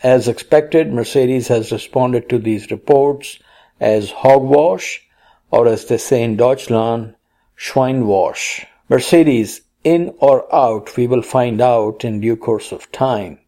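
A man's voice: mid-range voice, slow pace, warm tone. A man co-hosting a casual chat, reading news items aloud with playful puns and quotes. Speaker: co-host.

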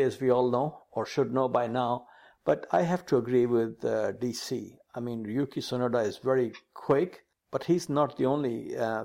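A man's voice: mid-range voice, vocal fry. Guy cohosting a racing news podcast, bouncy delivery, keeps saying sir. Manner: animated, calls partner "sir". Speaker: podcast co-host. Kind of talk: casual news chat.

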